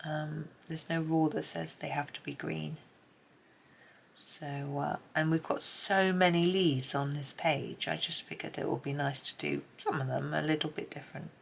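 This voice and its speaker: A British woman chatting softly as she talks through her colouring, sometimes trailing off into murmured asides. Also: low-pitched, fairly even intonation, normal speed, vocal fry, a little hiss or hum, poor audio. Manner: chatty, soft-spoken, drifts into murmured asides. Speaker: colouring video creator. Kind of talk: casual narration while colouring.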